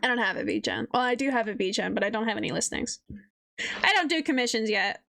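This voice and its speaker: Blunt, high-voiced young woman streamer. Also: very animated, fast, creaky, bright, forceful tone. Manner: blunt, profane, mimics people in sing-song voices. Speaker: streamer and artist. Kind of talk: casual livestream chat.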